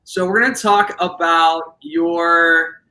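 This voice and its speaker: A man's voice: on the high side, steady tone, takes it slowly, bright, forceful tone, low-quality recording. A man interviewing a guest in a playful, casual way, asking rambling questions with slang.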